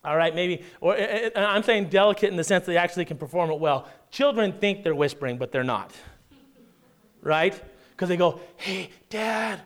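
A male pastor with a fairly high voice delivers a sermon in a conversational way. He keeps asking his listeners to agree, then drops his voice to a hush before rising again. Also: brisk. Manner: dramatic swings from loud emphasis to hushed near-whisper; conversational, asks the congregation "right?".

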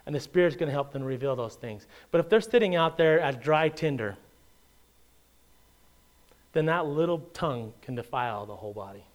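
This medium-pitched pastor preaches his sermon conversationally, full of jokes, energy, and rhetorical questions. Scripture readings come out in a measured tone.

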